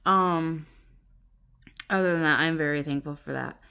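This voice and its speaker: A woman filming a casual vlog on her phone at home, excitable and gushing, laughing often as she talks. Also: sits low, a little slow, creaky, clean tone. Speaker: vlogger. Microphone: phone camera on tripod.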